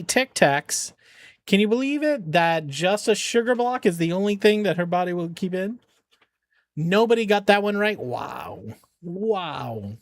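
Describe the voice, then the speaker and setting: In a dry recording, a man with a high voice streams games for charity. He keeps up a chatty, casual conversation with his viewers and his dogs.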